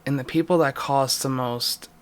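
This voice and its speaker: A young man in an emotional vlog confession, distressed and near tears, speaking haltingly with pauses and a voice that drops. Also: mid-range voice, fairly even intonation. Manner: halting, pausing, voice dropping. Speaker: YouTuber.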